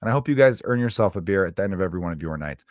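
A man's voice: low voice, animated, very fast, a little mellow, dry recording, clean studio sound. A man in his thirties hosting his own podcast, talking casually and motivationally, with the odd swear word. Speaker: podcast host. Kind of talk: casual solo podcast monologue.

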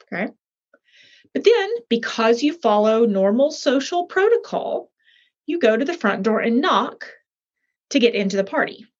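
A woman's voice: a little high, sing-song, a little slow, long pauses, dull audio. A woman author and coach explaining her problem-solving method in a chatty, emphatic way, acting out little scenes as she goes. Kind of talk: animated talk explaining a method.

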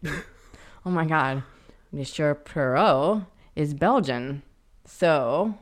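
A woman's voice: low voice, very slow. A woman co-hosting a horror podcast, giggling and getting flustered while she is teased in casual banter. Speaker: podcast co-host.

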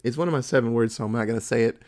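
A man's voice: mid-range voice, rapid-fire, darkish tone. A man in casual chat, retelling a movie plot in a profane, laughing storytelling manner.

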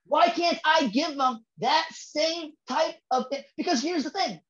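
A male comedian guest on a podcast, talking in a profane, emphatic way, building rhythm and bursting into shouts for emphasis. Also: very high voice, measured pace, dull audio. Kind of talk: casual podcast chat.

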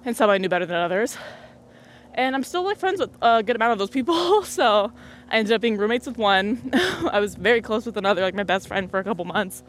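Young woman, rambling casual chat, frequent laughs, outdoor phone recording, faint traffic behind. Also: a little high. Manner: chatty, rambling, laughs often. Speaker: podcast host. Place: outdoors on a muddy walk. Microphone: phone in pocket.

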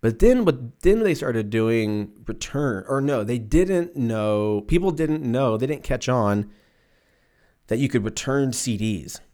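A man's voice: medium pitch, lively intonation, slow pace, mellow. A man in his twenties rambling alone on his podcast, swearing freely and slipping into silly exaggerated voices, recorded at home. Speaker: podcast host. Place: room at home with windows open.

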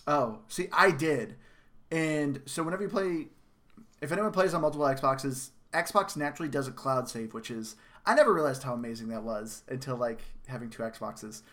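A man hosting a casual game-review chat, animated, laughing often and acting out quotes. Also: mid-range voice, normal speed. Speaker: podcast host.

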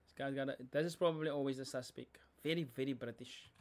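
A young South African man hosts a reaction video, speaking at a quick pace in a mid-range, steady voice over heavy background noise. He chats casually, explains the lyrics as he goes, and code-switches into slang.

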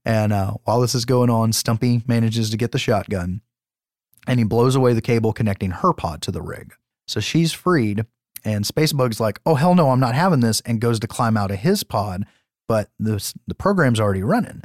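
Low-voiced man swearing through a film recap. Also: moderate pace, no echo, studio quality. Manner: profane, animated movie recapping. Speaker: podcast co-host. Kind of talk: casual chat.

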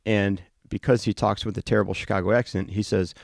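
Man, podcast host, gravelly voice, lowish pitch, chatty storyteller, dry close mic. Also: steady tone, fairly quick, no room sound. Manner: chatty storyteller with many fillers and restarts. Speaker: podcast host, firefighter and lieutenant. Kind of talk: casual podcast conversation.

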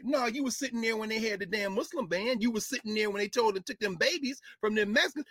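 A middle-aged man, a professor talking politics in an impassioned, preachy way, with mocking quotes and bursts of shouting. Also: sits high, fast, few pauses, no echo, studio quality. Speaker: professor and show co-host.

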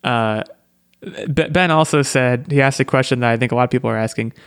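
A man's voice: mid-range voice, brisk, a bit bright, clear, resonant tone, no echo, studio quality. A man hosting a podcast, talking casually with lots of fillers and restarts. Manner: chatty, hedging, lots of "like" and restarts. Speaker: podcast host. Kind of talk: casual chat.

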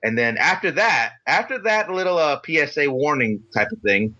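A man co-hosting a podcast, telling an animated story in a casual, excitable, slangy way. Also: a little high, moderate pace, lo-fi sound. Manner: excitable, slangy, retells with quoted voices. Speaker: podcast co-host.

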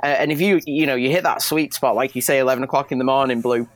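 A man's voice: medium pitch, fairly even intonation, fast talker, no room sound. A man guesting on a podcast, chatting casually in a rambling way with frequent tag questions. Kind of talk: casual chat.

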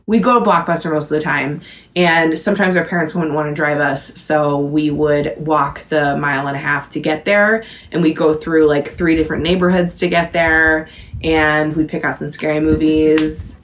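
Casual chat, woman, thirties, podcast co-host, filler-heavy, lowish voice. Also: a bit bright. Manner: chatty, laughs often, lots of "like".

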